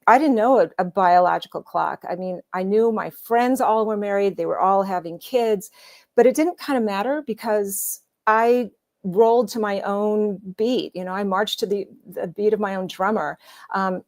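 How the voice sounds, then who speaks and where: A woman, older than her forties, telling a candid personal story in a conversational way, with many pauses and fillers. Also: medium pitch, darkish tone. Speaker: guest storyteller.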